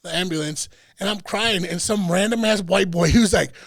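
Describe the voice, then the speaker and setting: A young man on a podcast telling a story in a lively, profane way, acting out what people said. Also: high voice, moderate pace, gravelly, no echo. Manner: animated, profane storyteller who acts out quotes. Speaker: podcast host.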